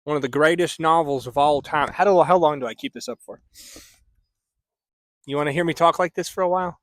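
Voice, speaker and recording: A man's voice: a little high, fairly quick, a bit bright, no room sound, studio quality, close to an everyday voice. A man putting on a hammy folksy cowboy drawl for a joke intro.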